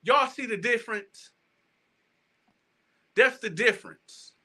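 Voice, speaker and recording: A man with a high, bright voice talks to his viewers in a loose, animated storytelling style. He stumbles and restarts his phrases and repeats lines for emphasis. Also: takes it slowly. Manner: animated, repetitive, stammering restarts. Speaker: show host. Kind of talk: casual storytelling monologue.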